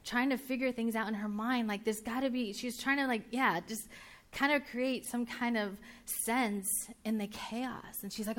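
A woman preaching a casual, conversational sermon, chatty and full of quick restarts, laughing easily and bantering with her listeners. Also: on the high side, fairly even intonation, fairly bright tone.

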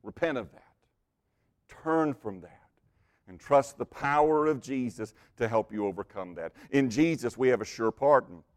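A man preaching a sermon, moving between loud, emphatic declarations and quiet, soft asides. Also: medium pitch, animated, normal speed.

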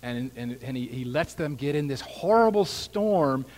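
A man preaching a sermon as a pastor. He swings between quiet, intimate asides and loud, rising emphasis, with wry humor along the way. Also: normal speed, long reverb tail, rough recording. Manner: animated preaching with wide swings in pitch and loudness, wry asides.

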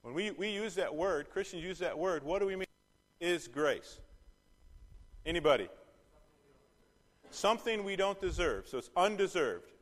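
A man's voice: high voice, expressive, normal speed, pauses often, long reverb tail. A man teaching a Bible study, asking the class questions and repeating key phrases.

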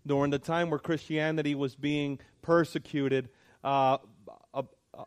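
A man's voice: on the high side, level tone, unhurried, clear, resonant tone. Man, pastor, sermon, emphatic, repeats lines, asks the crowd. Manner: emphatic, repeats points, checks with the congregation.

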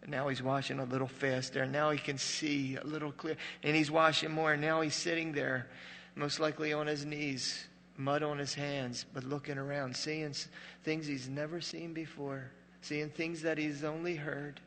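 A man preaching a sermon as pastor, a joking, conversational storyteller who drops to a hush for dramatic moments. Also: on the high side, little pitch movement, normal speed, long reverb tail, a little hiss or hum.

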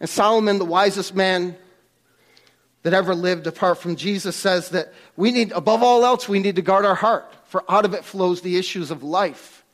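A man's voice: sits high, moderate pace, fairly bright tone. A man preaching a sermon as pastor, emphatic and earnest, rising on key points and often restarting his words.

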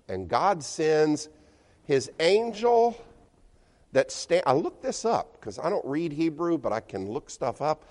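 A man's voice: fairly high pitch, darkish tone. A male pastor preaching a sermon in a chatty, storytelling way with chuckles, to a church congregation. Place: church hall. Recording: long church-hall reverb.

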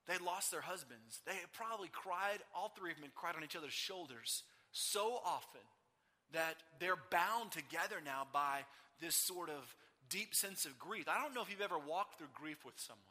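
A man's voice: fairly high pitch, moderate pace. A man preaching a sermon, telling the story with feeling and acting out the people in it. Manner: animated storytelling, voicing the people in the text. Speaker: pastor. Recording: long hall reverb.

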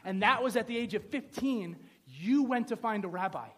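A pastor from the New York area preaching a sermon in a lively, joking, conversational way, often checking in with "right?". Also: male voice, high-pitched, moderate pace. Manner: animated, conversational, joking, asks the audience "right?".

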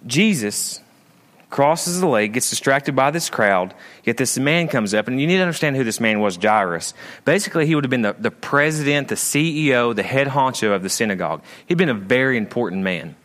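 A male pastor preaching a sermon in a church, swinging between raised emphatic lines and low, quiet asides. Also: lively intonation, brisk.

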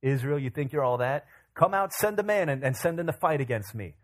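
A man's voice: medium pitch, expressive, brisk, lightly acted. A man voicing a boastful male giant warrior who taunts an army with swaggering trash talk. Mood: taunting.

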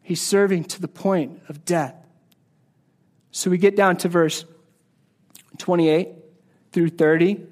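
A man's voice: sits high, steady tone, takes it slowly, pauses often, darkish tone. A man preaching a sermon in a casual, conversational way, often repeating and restarting words as he explains a Bible passage. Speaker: pastor.

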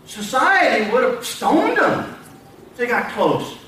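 A pastor preaches a dramatic sermon in a very high voice with big pitch swings, taking it slowly as he rises to shouted pleas and drops to hushed tones. He's recorded from a distance in an echoey church hall, with slight background noise.

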